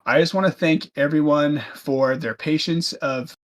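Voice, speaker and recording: A man's voice: a little high, a little slow, natural voice. A man voicing a nervous male official reading an apology to a crowd. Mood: apologetic. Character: nervous male official making a public announcement.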